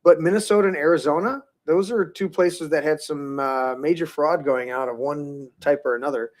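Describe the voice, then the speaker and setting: This podcast host's voice sits a little high and moves at a normal speed. He talks politics in a rambling, casual way, with plenty of swearing and frequent restarts.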